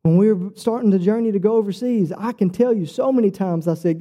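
A man preaching a sermon, telling his own story earnestly and personally. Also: a little fast. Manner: earnest, personal storytelling with lively shifts in pitch.

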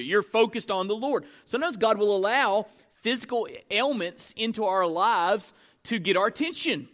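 A pastor with a high, bright, forceful voice preaches a sermon, firing rhetorical questions at the congregation. His delivery is full of fillers and restarts.

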